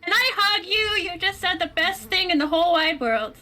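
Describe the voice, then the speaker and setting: A woman's voice: very high voice, animated, normal speed, pushed and bright. A woman speaking as a player in a tabletop game, bubbly and chatty. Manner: bubbly, laughing. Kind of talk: casual tabletop role-play.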